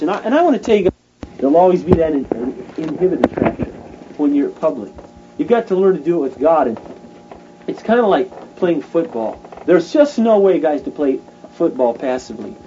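A man's voice: on the high side, animated, brisk, warm tone, dull audio, slight background noise. A man preaching an informal sermon in a fervent, conversational way, acting out stories.

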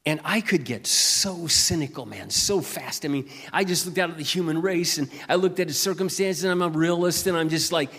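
An older man preaching a sermon with impassioned delivery, dropping to a hush and rising to loud peaks. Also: on the high side, brisk, few pauses. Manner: impassioned, swings from hushed to loud. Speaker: pastor. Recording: long reverb of a hall.

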